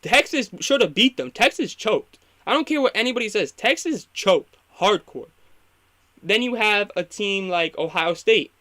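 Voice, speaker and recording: A young man talks through a college football game as it plays, rambling and opinionated. His bright, slightly high voice climbs and gets louder as he calls out a bad coaching choice. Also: expressive, normal speed. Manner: opinionated, rambling, fired up when critiquing. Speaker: sports talk host. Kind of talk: casual live football reaction.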